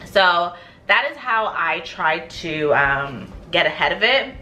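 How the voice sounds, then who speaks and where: A woman's voice: on the low side, expressive, slow, bright, forceful tone, slight background noise. A woman vlogger chatting casually about her skincare, laughing often and acting out stories. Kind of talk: casual chat.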